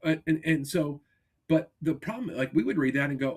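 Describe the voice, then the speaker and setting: A man hosting a casual podcast over a remote call, talking in an energetic coaching tone with many restarts. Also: fairly high pitch, normal speed, breathy edge. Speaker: podcast host. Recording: glitchy remote call audio.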